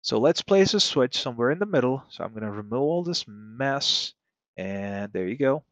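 A man's voice: medium pitch, expressive, moderate pace, a bit bright, no echo. A man teaching a networking lesson in a conversational way, often asking rhetorical questions. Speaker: networking instructor. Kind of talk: screen-recorded tech lesson.

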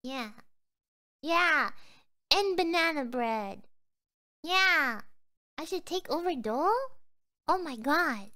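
A woman's voice: sits high, expressive, slow pace, pauses often, sharp tone. A sleepy young woman streamer rambling drowsily as she chats to her viewers, often trailing off. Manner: chatting to viewers. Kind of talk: casual livestream chat.

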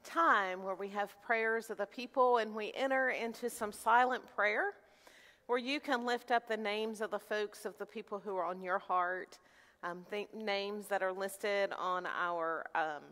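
A woman's voice: medium pitch, fairly even intonation, moderate pace, sharp tone. Tearful woman pastor. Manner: heartfelt, tearful, informal. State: near tears. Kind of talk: leading congregational prayer. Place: church sanctuary. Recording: hall reverb with faint music.

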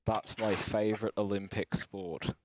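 A British man streaming a game live, excitable and self-mocking, swearing freely as he plays. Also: on the low side, unhurried. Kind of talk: casual gaming chat. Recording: noisy stream audio.

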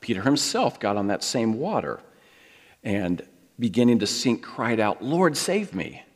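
A middle-aged American man delivers a sermon with lively, rising and falling inflection, his voice sitting on the low side. He tells stories and slips into the voices of the people he quotes. The sound carries a long reverb, as if heard in a large hall. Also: measured pace. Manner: storytelling, acts out quoted voices. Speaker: pastor.

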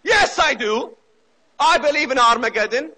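Fiery high-voiced male speaker. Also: expressive, normal speed, poor audio. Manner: emphatic, repetitive, rising to shouts. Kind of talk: impassioned speech.

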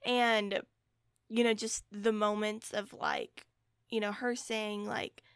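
Young female co-host, gravelly voice, halting and filler-heavy, dry sound. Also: mid-range voice, little pitch movement, dry recording. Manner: halting, many "like" and "you know" fillers. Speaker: podcast co-host. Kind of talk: casual chat.

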